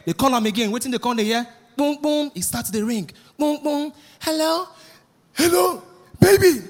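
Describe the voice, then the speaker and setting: High-voiced Nigerian stand-up comic. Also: male voice, brisk. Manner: storytelling, mixing Pidgin and English. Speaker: stand-up comedian. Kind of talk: stand-up routine.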